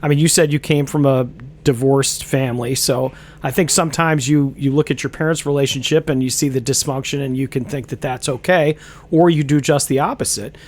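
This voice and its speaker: A man's voice: medium pitch, steady tone, brisk. A middle-aged man from upstate New York hosting a podcast interview, earnest and friendly, often stammering as he restarts his sentences. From Brighton, Rochester, New York. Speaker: podcast host. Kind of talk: casual interview conversation.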